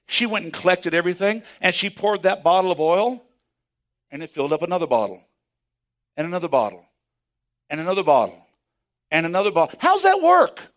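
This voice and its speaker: A man preaching a sermon as pastor, swinging from hushed asides to excited shouts. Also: on the high side.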